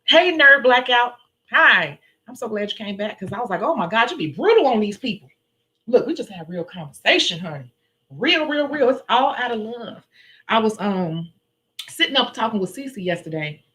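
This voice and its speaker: A chatty woman with a Chicago accent hosts a casual livestream from home. She talks bluntly and forcefully and laughs often as she greets viewers. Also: mid-range voice. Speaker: nail tech livestream host. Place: indoors at home.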